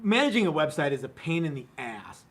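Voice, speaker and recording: Host type, fifties man, high bright voice, rambling jokey banter. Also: sing-song, fairly quick. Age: 50s. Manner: chatty, jokey, rambling with restarts. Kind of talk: casual live-stream chat. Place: workshop studio.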